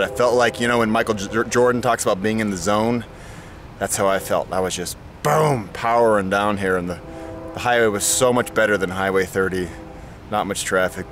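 A man's voice: fairly low pitch, fairly bright tone, a little hiss or hum. A man vlogging to camera outdoors at a campground, sweaty and exhausted after a long day of riding, upbeat and laughing often. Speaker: cycling vlogger. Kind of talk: casual vlog talk to camera.

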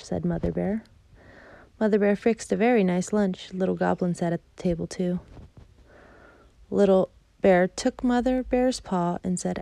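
Woman narrator, low and mellow with some fry, calm and measured, reads a kids' picture book. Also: no echo. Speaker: storybook reader. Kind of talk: reading a children's picture book aloud.

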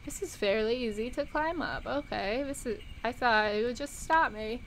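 A woman giving casual gameplay commentary, excitable, shrieking and swearing at the game. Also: fairly high pitch, normal speed, a little hiss or hum, rough recording. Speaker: gaming YouTuber.

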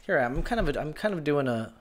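Male gaming host, sarcastic live rant, somewhat high voice, rambling. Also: very animated, very fast. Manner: sarcastic and incredulous, reads viewer comments aloud; rambling with many restarts and fillers.

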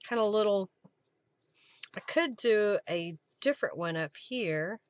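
A woman's voice: mid-range voice, lively intonation, measured pace. A woman hosting a live crafting stream, chatting casually as she thinks aloud while she works and thanks her viewers. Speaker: craft journaling host.

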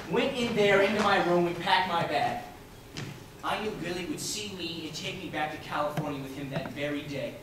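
Young man playing a troubled teenage son, stage monologue, theatrical, hushed to loud, high voice, distant mic. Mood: brooding. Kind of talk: live stage acting. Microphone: distant room mic. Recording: distant, echoey theatre hall, noisy.

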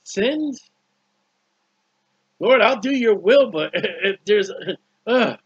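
A man's voice: high voice, lively intonation, drawn-out words, slightly rough, no room sound. A man preaching a fervent sermon, with many restarts and repeated words. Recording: dull lo-fi recording.

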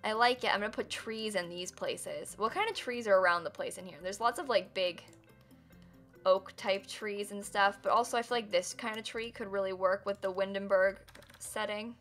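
A woman's voice: mid-range voice, moderate pace, a bit bright, faint music behind. A woman live-streaming a building game, chatting casually with her viewers, giggling and teasing herself as she works. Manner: chatty, giggly, self-mocking, talks to chat.

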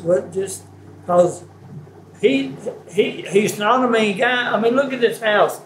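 An older East Texas man with a high voice tells his story in a slow, folksy drawl, full of pauses and restarts. Soft guitar music plays behind him. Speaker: interviewee, stepfather. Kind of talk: casual storytelling.

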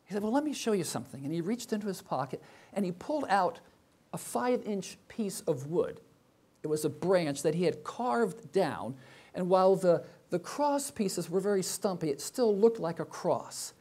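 A man's voice: sits high, expressive, normal speed, a little mellow, husky. An older man, a professor, giving a reflective sermon full of rhetorical questions. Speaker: professor and chapel speaker.

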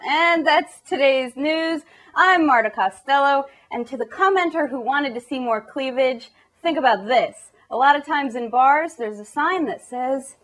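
A woman's voice: sits high, measured pace, a bit bright. A young woman hosting a comic news parody, delivering headlines with sarcastic asides. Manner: sarcastic, mocking impressions.

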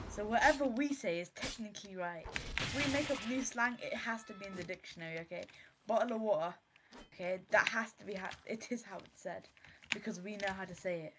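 A woman's voice: fairly high pitch, very noisy. A British woman streamer chatting casually while playing, playful and full of swearing and slang. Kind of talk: casual gaming chat. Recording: game music playing behind.

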